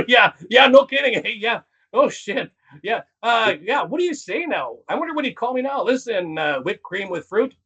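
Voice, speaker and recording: Husky-voiced animated storytelling man. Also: moderate pace, low-quality recording. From Canada. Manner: animated storyteller, acts out quotes in a higher voice. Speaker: comedian guest. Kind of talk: casual storytelling interview.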